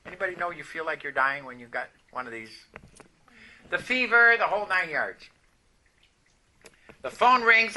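A man preaching a sermon, telling a personal story with animated, emphatic declarations. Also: sits high.

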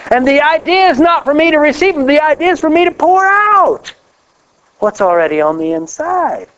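A man preaching a sermon in a folksy, animated way, laughing often and rising on exclamations. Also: very high voice. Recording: dull lo-fi recording.

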